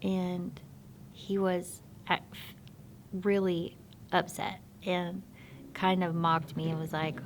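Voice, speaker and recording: Woman sharing her testimony, halting and reflective, talks slow. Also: fairly low pitch, flat delivery, background noise. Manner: soft-spoken, halting, reflective. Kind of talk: personal faith testimony.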